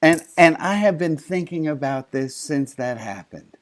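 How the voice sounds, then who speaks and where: A man's voice: on the high side, lively intonation, measured pace. Rabbi, male, loose jokey group leader with frequent restarts, heard over a video call. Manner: warm, joking, stumbling restarts. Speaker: rabbi leading an online service. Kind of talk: casual, interactive service talk.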